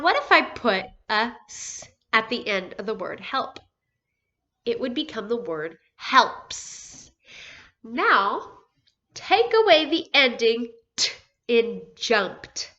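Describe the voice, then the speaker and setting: A woman teaching a phonics lesson to first graders, speaking slowly and clearly, sounding out letters and praising answers. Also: a little high, big pitch swings, pushed and bright, dull audio. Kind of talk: phonics lesson for young children.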